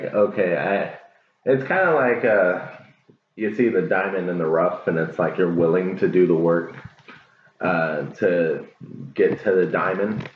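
Low, slow man reading tarot, phone-like sound. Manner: laughing, cussing, chatty and animated. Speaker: tarot reader. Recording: lo-fi, phone-like, echoey, faint hiss.

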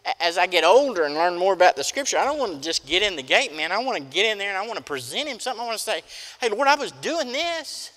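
A man's voice: high-pitched, sing-song, racing, few pauses, fairly bright tone. A middle-aged man preaching a sermon as pastor, folksy and emphatic, telling stories. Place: church sanctuary. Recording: church hall reverb.

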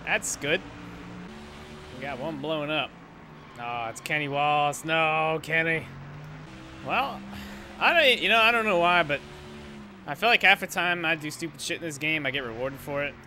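A man's voice: on the high side, normal speed, pauses often. Swearing young man over game engine noise. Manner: rambling, sarcastic, swears when frustrated. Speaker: gaming YouTuber. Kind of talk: casual gameplay commentary. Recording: loud engine noise behind voice.

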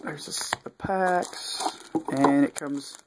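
A man giving casual unboxing commentary, reading off cards one by one with easygoing, mildly excited asides and fillers. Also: on the high side, takes it slowly, noisy background. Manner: easygoing, reads off cards one after another. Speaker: video creator opening card packs.

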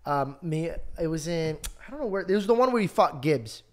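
A man jokes around and cuts into the conversation during a casual podcast chat. His pitch moves lively up and down. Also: fairly quick. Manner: joking, interjecting banter.

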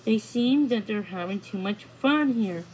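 A woman's voice: mid-range voice, animated, unhurried, darkish tone, a little hiss or hum, lightly acted, low-quality recording. Woman doing a sensible storybook pup, doubtful and matter-of-fact. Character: cautious, sensible young pup.

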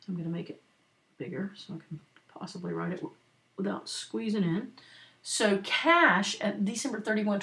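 A woman's voice: mid-range voice, fairly bright tone. A woman teaching an accounting lesson over a screen recording, walking students through a worked exercise patiently and checking in often. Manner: patient, talks slowly for note-takers; checks in with frequent "right?" and "okay?". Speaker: accounting instructor. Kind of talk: screen-recorded lecture walkthrough.

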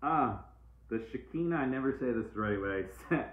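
A man's voice: mid-range voice, expressive, unhurried, a bit bright. A man giving a casual, playful live-stream oracle card reading, repeating uplifting phrases like mantras. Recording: echoey room, tinny phone-like sound.

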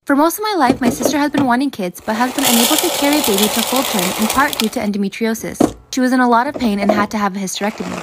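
A woman reading stories aloud in a quick, steady storytelling delivery. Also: on the high side, heavy background noise.

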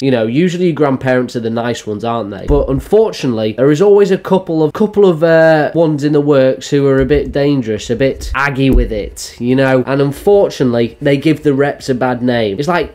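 A man's voice: medium pitch, warm tone. A man giving loose, joking reaction commentary on video clips, swearing and laughing as he goes. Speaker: YouTube commentator.

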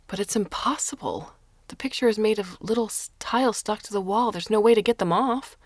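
A woman's voice: on the low side, normal speed, breathy edge, no room sound, studio quality. A woman voicing a hot-tempered young Venetian boatman who argues and hurls insults. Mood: protesting. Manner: indignant, shouting insults.

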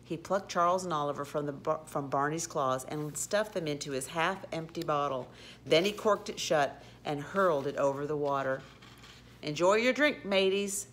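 A woman reading a children's storybook aloud, expressive with occasional slips and restarts. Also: low-pitched, normal speed, slight background noise. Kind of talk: storybook read-aloud narration.

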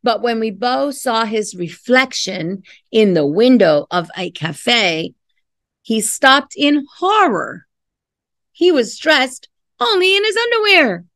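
A woman's voice: fairly high pitch, no echo, studio quality. A woman teacher reading a picture book aloud to children, stopping to explain words and wonder about the story. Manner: slow and expressive, pausing to explain and wonder aloud. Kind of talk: children's read-aloud with commentary.

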